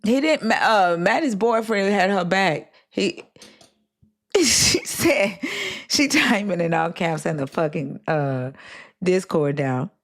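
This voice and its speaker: A woman's voice: lowish voice, animated, slow pace. A woman hosting a casual livestream chat, blunt and exasperated, swearing freely and drawling slang. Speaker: livestream host.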